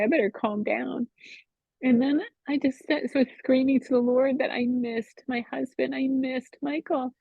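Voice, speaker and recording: A middle-aged woman sharing a personal faith testimony at a Bible study, speaking in an emotional, halting way full of "you know". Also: high voice, gravelly, breathy edge, dry recording. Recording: tinny phone-line sound, dry.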